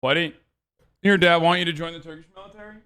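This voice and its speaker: Male streamer host, casual reaction talk, fairly high voice, sarcastic and crude. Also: fairly even intonation, fast talker, bright, forceful tone, clear, resonant tone. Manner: sarcastic, profane, joking.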